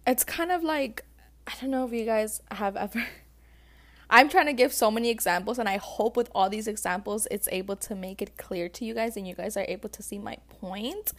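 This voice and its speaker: A woman's voice: mid-range voice, normal speed. A woman vlogger talking casually and emotionally to her viewers about relationships, full of "like" and calling them sis and babe. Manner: chatty, emotional, calls viewers sis and babe, many likes. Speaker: vlogger giving relationship advice. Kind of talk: casual heartfelt talk to viewers.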